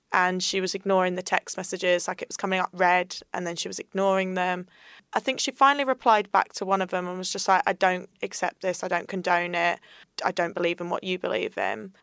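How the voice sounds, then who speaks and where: A young woman tells her own story on a podcast, candid and earnest. Her voice is smooth and resonant but has a gravelly fry underneath. The sound is dry and close. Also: fairly low pitch, fairly bright tone, no room sound. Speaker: guest. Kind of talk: personal storytelling in a podcast interview.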